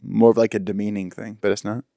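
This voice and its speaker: A man's voice: fairly low pitch, level tone, quick pace, gravelly, warm tone, no room sound, studio quality. A young man hosting a podcast, talking in a chatty, rambling way with frequent restarts. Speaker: podcast host. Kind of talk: casual interview chat.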